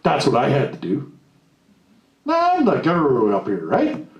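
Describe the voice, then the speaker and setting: A man giving a live motivational talk to an audience, blunt and animated, acting out the lines he quotes. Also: mid-range voice, measured pace, lo-fi sound. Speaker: motivational speaker. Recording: echoey room, mic at a distance, faint noise.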